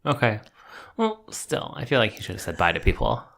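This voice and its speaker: A man's voice: fairly low pitch, wildly swooping pitch, a little fast, vocal fry, fairly bright tone. A man co-hosting a podcast, casually and hesitantly recapping a reality show. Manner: hesitant, full of "um" and "like". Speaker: podcast co-host.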